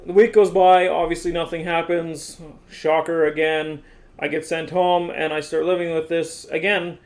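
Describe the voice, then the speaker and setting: Young man, high voice, animated exasperated storyteller, casual vlog chat. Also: moderate pace. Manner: animated, exasperated retelling with many "like"s. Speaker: vlogger telling his story.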